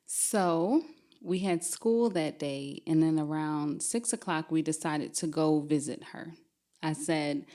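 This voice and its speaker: A woman's voice: low-pitched, slow, mellow. A woman, guest on a podcast, animatedly telling a true scary story and laughing as she goes. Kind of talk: casual storytelling.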